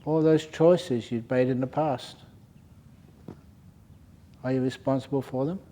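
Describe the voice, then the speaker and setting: A man's voice: mid-range voice, steady tone, measured pace, mellow. An older man giving a humorous Dharma talk at a meditation retreat, telling stories and chuckling often. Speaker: meditation teacher. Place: retreat centre hall.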